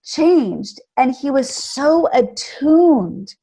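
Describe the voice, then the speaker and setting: A woman guest on a podcast interview, telling stories in an animated way. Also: sits high, extremely slow. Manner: animated storyteller. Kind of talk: conversational interview.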